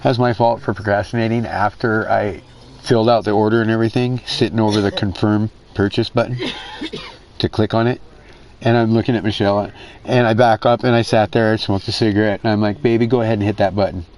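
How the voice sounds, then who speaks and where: Hosting a racing league stream, a man tells rambling, casual stories, swearing constantly and mimicking others when he quotes them. His voice is lowish, a little mellow, flat in delivery and fairly quick.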